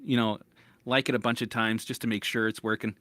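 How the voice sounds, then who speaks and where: Animated man coaching through anxiety. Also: lowish voice, a little fast, no room sound. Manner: animated, acts out panicked voices, swears casually. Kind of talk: casual coaching monologue.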